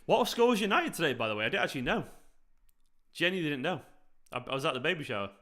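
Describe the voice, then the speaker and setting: On his fan channel's live football watchalong, a young man reacts to the play, reads chat and casually greets viewers by name. He's a fast talker with a highish, sing-song and slightly bright voice.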